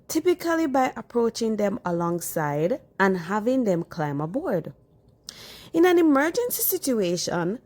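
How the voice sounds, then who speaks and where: A woman's voice: on the low side, warm tone. A woman narrating a cruise vlog in an explanatory, conversational way. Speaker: cruise vlogger.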